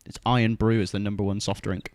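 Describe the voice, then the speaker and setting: A man's voice: lowish voice, flat delivery, a little fast, no echo, clean studio sound. A man co-hosting a podcast who explains things at length in casual chat and teases his co-hosts. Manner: explaining at length, teasing the others. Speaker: podcast co-host. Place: indoor podcast room.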